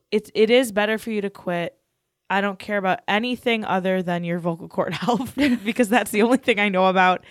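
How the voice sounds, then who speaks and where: Young woman singer co-hosting, chatty and earnest, medium pitch, dry close mic. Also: no room sound. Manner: chatty, lectures earnestly on vocal health. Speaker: podcast co-host, singer. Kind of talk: casual chat. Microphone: podcast microphone.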